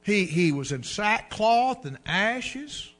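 A man's voice: big pitch swings, slow pace, a bit bright. A man preaching a sermon in a folksy storytelling way, acting out the people in his stories. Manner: folksy storytelling, acts out dialogue with rising pitch and volume.

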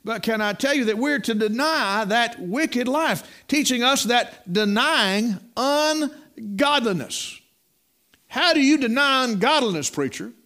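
A man's voice: very high-pitched, lively intonation, measured pace, bright, forceful tone. Folksy preacher man. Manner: folksy storytelling preacher, repeats words, calls listeners "my friend". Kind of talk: sermon.

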